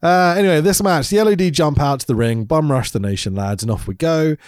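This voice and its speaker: A man's voice: fairly high pitch, brisk, no echo, studio quality. A man recovering from a throat infection, co-hosting a casual chat and laughing often. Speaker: podcast co-host.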